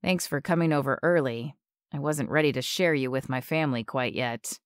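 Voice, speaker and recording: A woman voicing a confident, tender young man in love, speaking low and softly. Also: moderate pace, clean tone, dry recording, clean studio sound.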